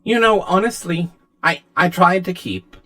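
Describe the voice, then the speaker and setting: A man voicing a scheming female AI with a polite, quietly menacing manner. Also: high voice, expressive, a little slow, voice pushed up, exaggerated voice. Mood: diplomatic. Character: scheming female AI, smug and falsely sweet.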